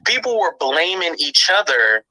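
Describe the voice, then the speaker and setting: A man's voice: on the high side, very animated, normal speed, bright, forceful tone, dry recording, rough recording. A man hosting a livestream, candidly telling his side of a story and talking straight to his viewers in a casual, chatty way. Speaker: livestream host. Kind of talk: casual storytelling to live chat.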